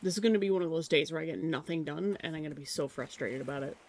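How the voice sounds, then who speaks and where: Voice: mid-range voice, very fast, darkish tone, slight background noise. Rambling, distracted streamer chatting to viewers. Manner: rambling, distracted, self-mocking. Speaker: live streamer. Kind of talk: casual chat while drawing.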